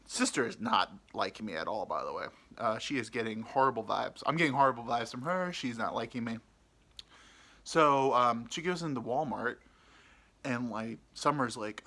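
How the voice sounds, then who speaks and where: A man's voice: medium pitch, normal speed, bright, forceful tone. A young man telling a crude, comic personal story in a rambling, casual way, full of fillers and acted-out quotes. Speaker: podcast storyteller.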